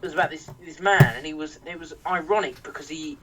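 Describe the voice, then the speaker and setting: A young man from England speaks fast in a high voice while ranting on his podcast. The rant is casual yet heated, sweary, and riddled with restarts, and the distant mic catches faint noise.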